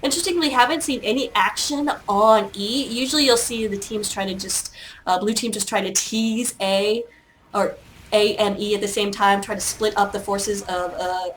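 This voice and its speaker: Giving solo esports play-by-play on an online game, a woman speaks in a mid-range voice with fairly even intonation and moderate pace. There's a little hiss or hum, and her chatty, self-mocking commentary is full of hesitations and fillers.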